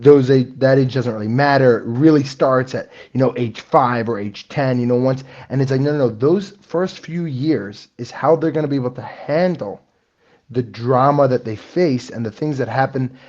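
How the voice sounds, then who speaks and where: A man's voice: mid-range voice, a little mellow. Earnest guy hosting a podcast, trips over his words, a bit dull and lo-fi. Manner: earnest, stumbling restarts. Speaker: podcast host. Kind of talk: casual conversation. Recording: slightly dull lo-fi sound.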